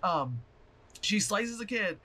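A man chatting through a movie review vlog, animated and profane, rambling with fillers and laughs. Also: sits high, slow, background noise.

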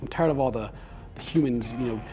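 A man's voice: medium pitch, a little fast, dark tone, slight background noise. A young man giving goofy, rambling commentary as he plays a mobile game. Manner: goofy, rambling, self-amused. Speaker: gaming video host. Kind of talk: casual let's play commentary.

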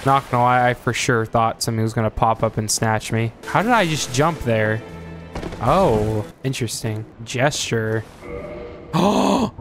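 A man giving live gameplay commentary, excitable and joking, who trash-talks enemies and yelps and shouts at the game. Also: mid-range voice, moderate pace, over music. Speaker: streamer playing a video game. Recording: noticeable background noise.

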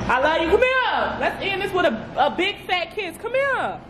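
A woman's voice: very high-pitched, sing-song, normal speed, background noise. A young woman, pulling a prank in a casual vlog, laughing and teasing while calling his name.

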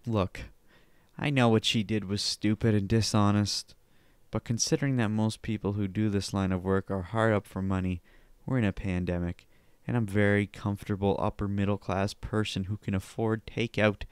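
A man hosts a casual podcast on his own and reads posts aloud. His voice is smooth and clear, set close to the mic in a dry, dead room. He mutters offhand comments to himself and now and then bursts out loud and silly. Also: fairly low pitch, fairly even intonation, moderate pace, dry recording. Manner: offhand, mumbling asides, sudden loud silly outbursts. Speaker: podcast host.

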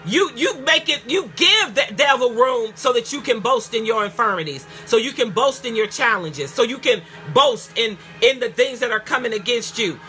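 A woman pastor preaching a fervent sermon, calling out hallelujah and rising to shouts. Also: a little high, very animated, moderate pace, few pauses, faint music behind.

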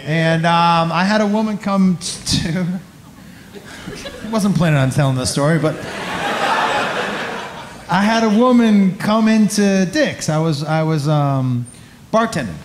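A man's voice: on the high side, expressive, measured pace, pauses often, reverberant, background noise. A man telling a crude, self-mocking stand-up story on a comedy club stage.

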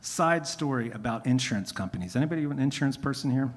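Fast and lively in intonation, this man's medium-pitched voice has a breathy edge and sounds tired from singing. He is a singer-songwriter on a music venue stage, telling casual stories between songs that ramble and interrupt themselves. A long hall reverb fills the live concert stream.

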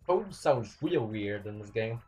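A young man commentating his own gameplay, excitable, swinging between yelling and muttering at the game. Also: on the low side, measured pace, soft background music. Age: young adult. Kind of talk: let's play commentary.

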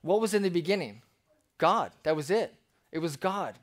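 A man preaching a sermon as pastor, conversational and lively, with playful asides. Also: sits high, moderate pace.

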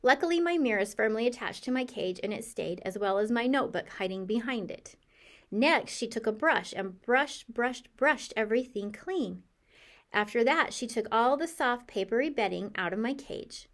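Woman, children's audiobook reader, lively hamster-narrator voice, slightly high. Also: normal speed. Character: cheerful curious hamster narrator. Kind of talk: storybook narration.

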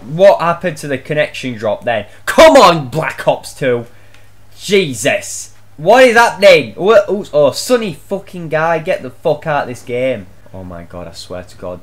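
A young man giving loud, swear-filled live commentary on his own gameplay, shouting out reactions as he plays. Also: medium pitch, lively intonation, moderate pace. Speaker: gaming channel host.

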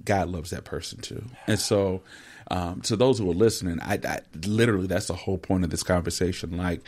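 With a low, slightly mellow voice and a somewhat fast pace, this middle-aged pastor and podcast co-host chats in a casual pastoral way. He sounds earnest and encouraging, frequently repeating words as he begins a thought.

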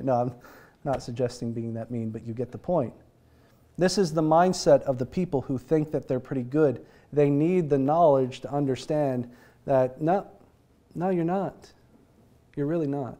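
An American pastor delivers a conversational sermon in a mid-range, dark-toned voice at a moderate pace. He poses rhetorical questions and chuckles now and then.

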